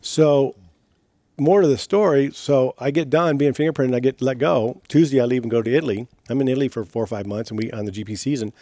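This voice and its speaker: A man's voice: medium pitch, quick pace, mellow, dry recording. A middle-aged man, a podcast guest, telling a long anecdote in casual chat and acting out the voices of people he quotes. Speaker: guest, retired motocross racer. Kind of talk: casual storytelling.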